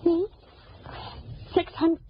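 A woman's voice: very slow, slight background noise. An actress playing an eager young woman who wants to be a showgirl, earnest in a 1940s radio drama. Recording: dull lo-fi old radio recording.

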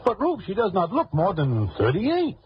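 A man's voice: high-pitched, huge pitch swings, normal speed, a little hiss or hum. A man narrating and acting in a 1940s radio drama, wry and amused, with Broadway slang. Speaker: narrator and lead character. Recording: dull lo-fi old radio recording with music.

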